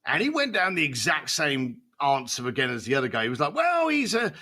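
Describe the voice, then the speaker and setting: A man telling stories as a podcast guest, voice set a little high and very bright. He swings his pitch widely and acts out other people's voices as he goes. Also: wildly swooping pitch, a little fast. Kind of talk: storytelling in a podcast interview.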